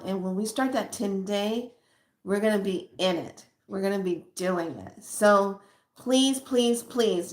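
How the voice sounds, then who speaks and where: A woman hosting a spiritual channel, talking casually and emphatically to her viewers with a preachy edge and spontaneous asides. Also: mid-range voice. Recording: echoey room.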